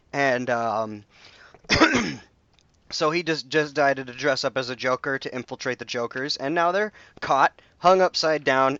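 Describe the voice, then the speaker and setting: A young man talks through comic plots in a loose, rambling podcast chat. His voice is smooth and clear, but the sound is muffled and dry, close on a home mic. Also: medium pitch, sharp tone, no room sound. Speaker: podcast co-host. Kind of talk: casual comic recap chat.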